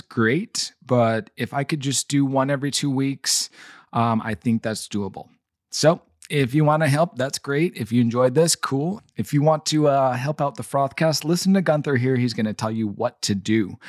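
A laid-back man hosts a podcast in slangy, easygoing chat. His voice sits at a middling pitch. The sound is dry and close to the mic. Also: darkish tone, dry recording. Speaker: podcast host.

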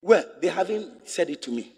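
A middle-aged man with a Ghanaian English accent, a bishop preaching a sermon, who repeats his phrases and rises to shouts. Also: sits high, animated, moderate pace, vocal fry, husky, in a large hall. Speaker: bishop and pastor.

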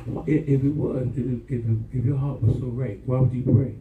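A man's voice: mid-range voice, steady tone, moderate pace, hardly any pauses, background noise. A man preaching a sermon as pastor, impassioned, calling for responses from the congregation. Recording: roomy church sound from far off.

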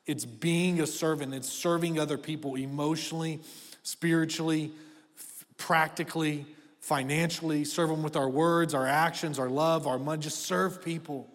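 In a church auditorium, a pastor in his thirties preaches conversationally and directly, asking the congregation to respond. His voice is on the high side, steady and at normal speed, with the long reverb of a church hall.

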